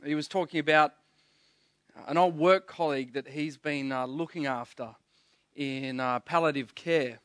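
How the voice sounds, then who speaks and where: A man's voice: on the high side, steady tone, normal speed, a bit bright, no echo, clean studio sound. A man preaching a sermon, telling stories earnestly and often restarting his words. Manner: earnest storytelling, stammering restarts. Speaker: pastor.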